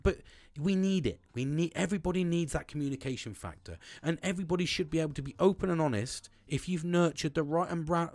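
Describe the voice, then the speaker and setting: A man's voice: a little high, darkish tone, no echo. A man from England, hosting a casual solo podcast, talking bluntly and swearing freely as he rambles with restarts. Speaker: podcast host. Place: small wooden shed. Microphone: close podcast mic.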